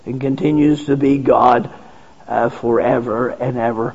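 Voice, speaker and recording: A man's voice: a little high, fairly even intonation, slow pace, a little mellow, slightly rough. A man preaching a sermon with an emphatic, repetitive cadence, drawing out phrases and quoting scripture. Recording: dull sound with long reverb in a hall.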